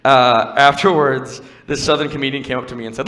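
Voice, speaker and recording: A man's voice: medium pitch, fairly even intonation, a little fast, hardly any pauses, a bit bright. Wry young male stand-up comic. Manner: conversational, wry and self-deprecating with playful crowd work. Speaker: stand-up comedian. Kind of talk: stand-up comedy set. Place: comedy venue stage. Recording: live venue with long reverb.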